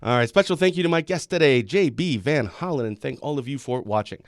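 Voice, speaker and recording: A man's voice: mid-range voice, expressive, brisk, no room sound, studio quality. A young man from the Midwest hosting a casual live-stream interview, joking and asking rambling questions with many restarts. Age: young adult. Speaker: host.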